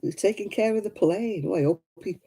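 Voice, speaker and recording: Middle-aged Lancashire woman, soft mellow tone, rough coughing throat, chatty and giggly stream host. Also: medium pitch, brisk. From Lancashire, England. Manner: chatty, giggly, addresses viewers by name. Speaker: crafting livestream host. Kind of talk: chatty live stream, reading chat.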